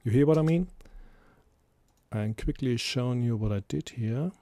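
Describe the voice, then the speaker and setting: A man explaining music mixing in a software tutorial, hesitant and full of fillers. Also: medium pitch, normal speed. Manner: hesitant, many fillers and restarts. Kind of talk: screen-recorded software tutorial.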